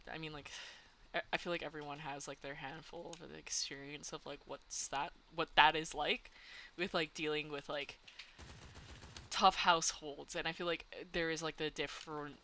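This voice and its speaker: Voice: medium pitch, steady tone, a little slow, sharp tone, a little hiss or hum. A young adult streamer from Canada chatting casually while gaming, giggling often and filling talk with "like". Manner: chatty, giggly, many "like" fillers.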